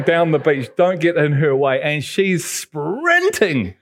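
A man delivers a sermon as an animated storyteller. His voice sits a little on the high side and swings widely in pitch, jumping high at the dramatic moments. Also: slow, noisy background. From England. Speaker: pastor.

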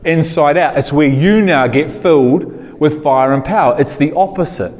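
Man preaching a sermon in a reverberant hall. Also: moderate pace. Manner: animated preaching, rising in pitch when fired up; asks the audience questions, repeats phrases.

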